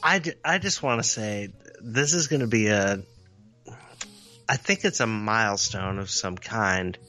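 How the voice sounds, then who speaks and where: Podcast cohost guy, bright voice, earnest and emphatic, trips over his words a bit. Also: fairly low pitch, measured pace, soft background music. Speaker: podcast co-host. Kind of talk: casual chat.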